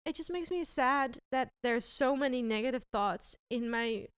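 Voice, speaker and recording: A woman's voice: on the high side, smooth, no echo. Tearful woman on the verge of crying. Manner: tearful, halting, many fillers and restarts. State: on the verge of tears. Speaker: podcast co-host. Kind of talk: emotional casual chat.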